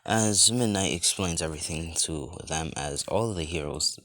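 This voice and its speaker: A man's voice: deep voice, moderate pace, a bit bright, slight background noise. A young man casually narrating an improvised fan story, rambling with lots of fillers and restarts.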